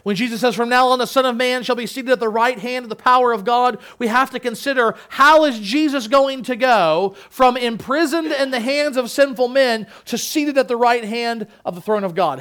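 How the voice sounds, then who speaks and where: A male pastor preaching a sermon, moving between loud emphatic peaks and hushed, low asides.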